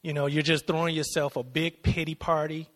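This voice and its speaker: Male preacher, a bit high-pitched, casual sermon delivery with call-and-response. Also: flat delivery, a little fast, fairly bright tone. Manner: conversational, asks the congregation for responses.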